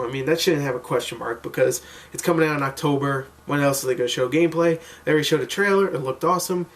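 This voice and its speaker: A man with a fairly high voice talks in a loose, rambling way, tired and poking fun at himself as he goes. He sits a little way back from the mic, so his voice comes through slightly distant. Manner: rambling, self-mocking, loose and chatty. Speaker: gaming video maker. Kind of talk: casual rambling predictions to camera.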